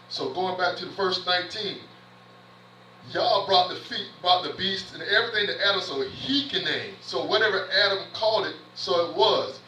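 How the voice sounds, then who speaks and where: A man's voice: sits high, normal speed, pushed and bright, roomy sound, recorded from a distance, slight background noise, rough recording. A man, a minister in training, preaching a sermon with earnest repetitions and restarts, reading scripture aloud in between. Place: church sanctuary.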